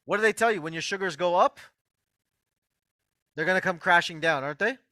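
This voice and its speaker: A man's voice: high voice, fairly quick, sharp tone, no room sound. A man hosting an online healing workshop, giving an emphatic motivational health lecture and repeating his key phrases straight to his listeners.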